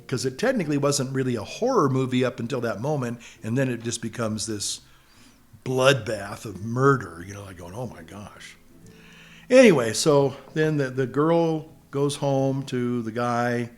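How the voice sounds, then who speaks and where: A man hosting his own channel, talking through a film in a casual, rambling monologue that often halts and restarts while he hunts for words. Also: medium pitch. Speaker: channel host.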